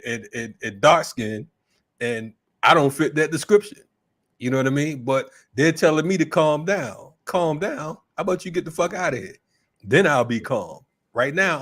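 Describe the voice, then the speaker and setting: A man co-hosting a morning talk show, telling stories in a profane, animated way. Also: a little high. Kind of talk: casual political chat.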